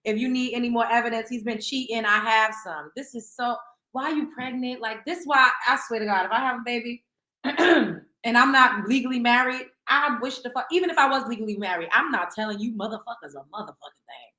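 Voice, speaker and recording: A woman's voice: fairly high pitch, fairly quick, sharp tone, roomy sound. A woman hosting a celebrity gossip show in casual chat, blunt and profane, often tripping over repeated words.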